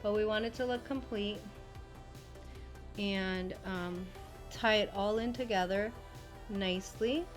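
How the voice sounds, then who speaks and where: A woman's voice: medium pitch, slow, pauses often, faint music behind. A woman talking casually through a makeup tutorial, gushing and chatty with lots of fillers. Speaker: beauty vlogger.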